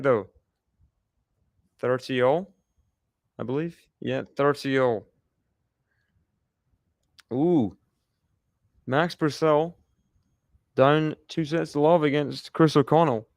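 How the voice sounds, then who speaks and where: A man's voice: medium pitch, fairly even intonation, measured pace, pauses often, no echo, studio quality. A man giving chatty live play-by-play commentary on a tennis match, laughing often and cheering the players on.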